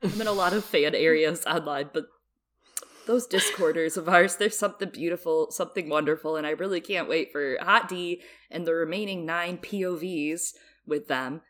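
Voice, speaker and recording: A young adult woman co-hosting a podcast in casual chat, animated and laughing, swinging between loud bursts and soft asides. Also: on the low side, moderate pace. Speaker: podcast co-host.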